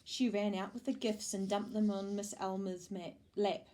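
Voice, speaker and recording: Kiwi woman reading a kids' storybook, expressive, trips over a word now and then. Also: medium pitch, a little slow. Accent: New Zealand. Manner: lively expressive reading, small slips and restarts. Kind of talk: storybook read-aloud.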